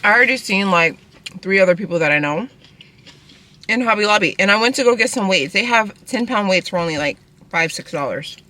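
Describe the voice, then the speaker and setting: A woman's voice: medium pitch, expressive, fairly quick, pushed and bright. A young woman, chatting casually in a car while eating, rambling and talking with her mouth full. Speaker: vlogger. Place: inside a parked car.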